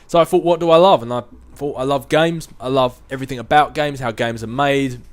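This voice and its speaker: A man's voice: medium pitch, fairly even intonation, a little fast. A man in his twenties answering viewer questions in a casual chat, rambling, self-mocking and chuckling often. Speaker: gaming video host answering viewer questions.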